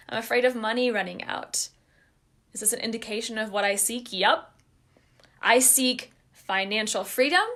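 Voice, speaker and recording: Earnest, chatty woman with a higher voice. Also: fairly bright tone. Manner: earnest, emphatic, chatty with frequent fillers; gets openly emotional and laughs while talking. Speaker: online empath coach and group leader. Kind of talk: casual direct-to-camera talk to viewers.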